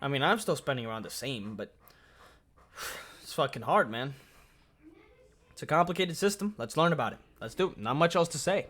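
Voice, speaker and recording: A man hosting a reaction channel, chatting casually, swearing often and thinking out loud. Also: medium pitch, animated, normal speed, pauses often. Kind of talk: casual video reaction commentary.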